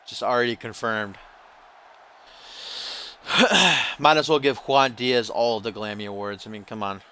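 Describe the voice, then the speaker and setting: A man calling a wrestling video game play by play, cracking jokes and drifting into rambling asides. His voice is bright and forward, sitting at an ordinary middle pitch for a man. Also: unhurried, slight background noise. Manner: joking, rambling, playful asides. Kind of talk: play-by-play commentary over gameplay.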